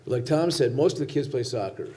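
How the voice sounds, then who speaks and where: A man's voice: medium pitch, lively intonation, fairly quick, mellow. A man answering audience questions on a panel, earnest and rambling with frequent restarts. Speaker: filmmaker on a panel. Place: law school auditorium.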